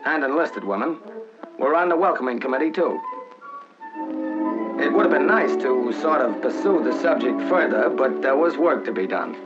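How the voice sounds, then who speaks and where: A man's voice: medium pitch, expressive, moderate pace. Wry folksy 1940s narrator man. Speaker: narrator speaking as a flyer. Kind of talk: 1940s wartime documentary narration. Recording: dull 1940s film soundtrack with music.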